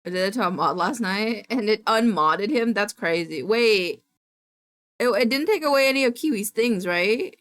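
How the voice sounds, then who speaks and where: Lively, chatty woman streamer. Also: fairly high pitch. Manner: animated, quick to laugh and apologize, chatty. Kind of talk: casual live-stream chat with viewers.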